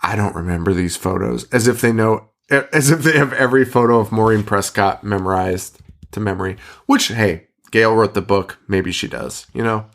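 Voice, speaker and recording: A man co-hosting a casual movie podcast, animated and laughing often, hiccuping and burping as he talks into a mic. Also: on the low side, normal speed. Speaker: podcast co-host. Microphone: studio mic.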